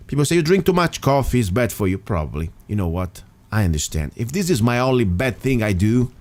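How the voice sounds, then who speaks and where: Emphatic talk radio host, lowish voice. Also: male voice, a little mellow. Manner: emphatic, rambling with restarts. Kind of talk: casual talk radio monologue.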